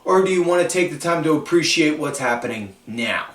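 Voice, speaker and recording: Recapping wrestling shows on his podcast, this host sounds fairly high-pitched and fairly bright with lively intonation, though his delivery is slow, casual and rambling, full of fillers. The room is echoey and he's far from the mic.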